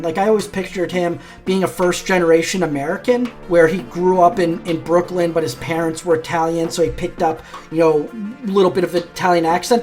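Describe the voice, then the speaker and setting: A woman hosting a casual commentary video, giving her opinions in a chatty, opinionated way and often restarting her sentences. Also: lowish voice.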